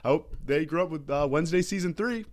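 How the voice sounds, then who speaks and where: A man's voice: on the high side, fast talker. A young man riffs through a satirical comedy monologue as a podcast host. His delivery is sarcastic and rambling, and he swears freely and trips over his own restarts. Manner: sarcastic, rambling, profane, with frequent laughs and restarts.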